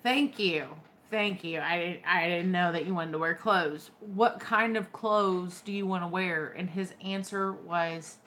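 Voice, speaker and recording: A woman's voice: on the low side, unhurried, few pauses, fairly bright tone, slight background noise. A young woman with a Texan accent, chatting casually to her viewers and telling wry stories. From Texas. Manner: chatty, storytelling, wry and drawling. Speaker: vlogger. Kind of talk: casual chat to camera.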